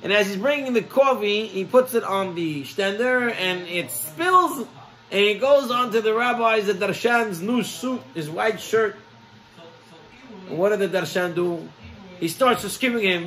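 A man with a high, bright-pitched voice delivers a sermon as a rabbi. He tells stories with energy and acts out the characters he quotes. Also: a little slow, low-quality recording.

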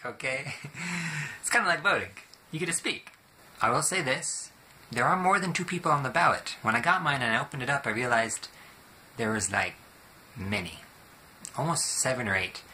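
A man's voice: lowish voice, slight background noise. Playful young American man vlogging. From United States. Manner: playful, joking, animated. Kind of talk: casual vlog monologue.

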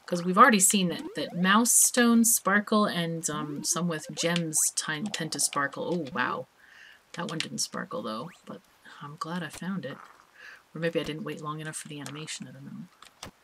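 A woman with a deep voice hosts a let's play, chatting casually at a moderate pace and thinking aloud as she plays, with small laughs. The background is noisy.

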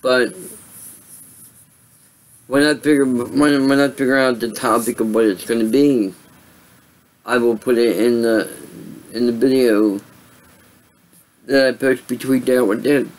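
A man's voice: medium pitch, steady tone, a little slow, long pauses, low-quality recording. A tired man casually telling a personal story on his vlog, rambling with many fillers and restarts. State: tired, yawning. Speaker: vlogger.

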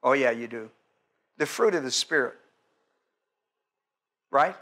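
Speaking at a slow pace, a male pastor works through an expository sermon with energy, testing his congregation with questions. Sometimes his voice falls soft and low for emphasis.

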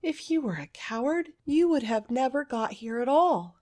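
A woman voicing a playful little fairy princess girl while reading a storybook aloud, her lines bright and teasing. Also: high-pitched, sing-song, moderate pace, voice pushed up. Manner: bright, surprised, grave in turns.

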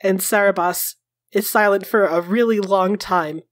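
A woman's voice: medium pitch, a little slow. A woman running a tabletop role-playing game as game master, narrating expressively in a casual storytelling way.

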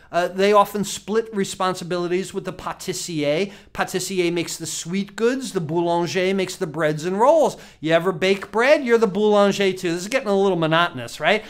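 A man's voice: sits high, clear, resonant tone. Chatty male cooking instructor. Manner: chatty, asks the viewer questions, laughs often. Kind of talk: casual teaching talk to camera.

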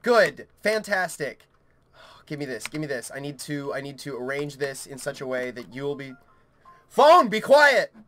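A man's voice: medium pitch, normal speed, a bit bright. A young man narrating a horror game as he plays, panicky, swearing and rambling to himself, with his keyboard clicking faintly at a desk mic. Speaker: gaming YouTuber. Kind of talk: horror game let's play commentary.

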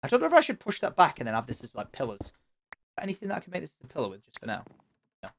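Chatty gamer man, lively pitch. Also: very fast, vocal fry, slight background noise. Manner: chatty, talks straight to viewers, playful teasing. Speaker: let's play gamer. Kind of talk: casual gameplay commentary.

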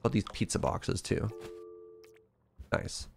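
A man streaming a video game live, with playful, excitable commentary. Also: slow, faint music behind.

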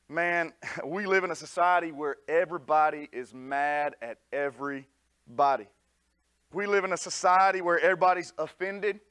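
High-voiced animated preacher telling a story. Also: male voice. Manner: animated, folksy storyteller addressing the congregation. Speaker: pastor. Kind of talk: sermon with comic storytelling. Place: church sanctuary.

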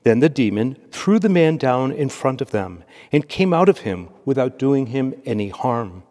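An American man acting as a priest reads scripture and delivers a homily in a church, speaking at medium pitch with a measured, steady rhythm. The liturgy carries a long church reverb.

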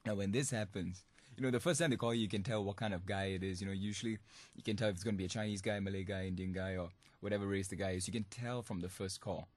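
A man's voice: sits low, steady tone, fast talker, no echo. A young man from Singapore hosting a student radio podcast, talking in a playful, mischievous way and laughing often. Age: young adult. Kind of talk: comic monologue podcast.

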